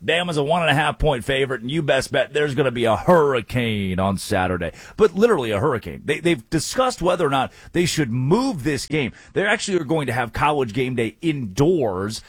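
Husky-voiced male sports talk host. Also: mid-range voice, fairly quick, few pauses, dry recording. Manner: energetic, opinionated betting picks. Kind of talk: sports talk radio banter.

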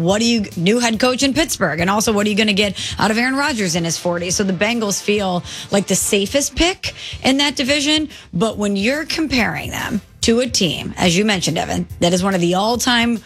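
Woman on sports radio, middle pitch, talks things through calmly, light music under it. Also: husky. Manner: measured, reasoning aloud.

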